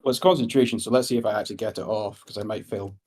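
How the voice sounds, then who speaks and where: A man playing a tabletop game, chatting casually and planning his moves out loud. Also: lowish voice, fairly even intonation, racing, husky. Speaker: player.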